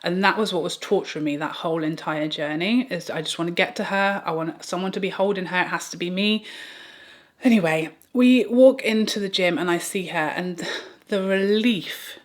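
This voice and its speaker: A woman's voice: lowish voice, moderate pace. A woman vlogger telling a personal story in a get-ready-with-me video, in an earnest, chatty way full of "like". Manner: chatty, earnest retelling with many "like"s.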